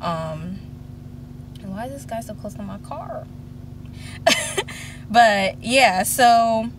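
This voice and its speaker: A woman in her twenties, parked in her car, talks slowly through a long story for her vlog, acting out everyone's lines in a chatty way. Her pitch sits fairly high and her intonation is lively, with background noise behind her.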